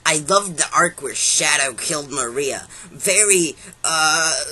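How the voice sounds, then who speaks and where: This creator rattles off comic nonsense in a very bright, piercing voice that swings widely up and down. The delivery is slow and drawn out. Silly syllables and words get repeated again and again, broken up by sudden shouts and mock-serious one-liners. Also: medium pitch, expressive. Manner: erratic, jumps between silly noises, shouts and mock-serious lines. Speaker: online creator. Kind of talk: random comedic rambling and noises.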